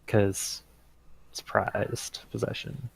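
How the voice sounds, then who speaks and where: Low, gravelly, halting player. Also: male voice, little pitch movement. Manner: hesitant, halting. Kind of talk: describing his character's actions.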